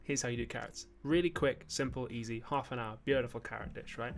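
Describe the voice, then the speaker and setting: A man's voice: mid-range voice, fairly even intonation, fast talker, creaky. Geordie male host, casual stream chat, loose and rambling with mock-outraged bursts, faint music under. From Newcastle, northern England. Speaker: YouTube host on a livestream. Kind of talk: casual live-stream chat reading super chats.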